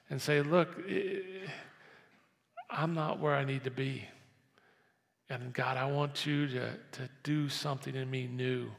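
A man preaching a sermon as pastor, moving between quiet, hushed stretches and loud, emphatic passages. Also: medium pitch, vocal fry. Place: church sanctuary. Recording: long reverb of a church hall.

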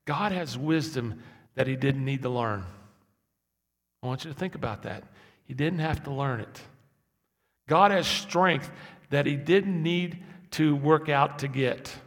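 A man in his sixties preaching a sermon, swinging from low, quiet asides to loud, impassioned peaks. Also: measured pace, long pauses. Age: 60s. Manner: impassioned, building to loud emphatic peaks then dropping low. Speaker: pastor. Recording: echoey hall.

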